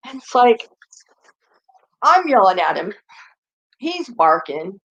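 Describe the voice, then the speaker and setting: A woman's voice: mid-range voice, big pitch swings, takes it slowly, highs cut off. A woman vlogger chatting casually and rambling, often turning to talk to her dogs. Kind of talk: casual chat.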